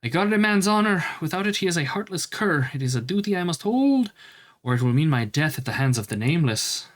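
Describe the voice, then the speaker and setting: A man's voice: on the high side, big pitch swings, brisk, voice pushed up. A man voicing a guard torn between honor and duty, speaking solemnly in a raised voice.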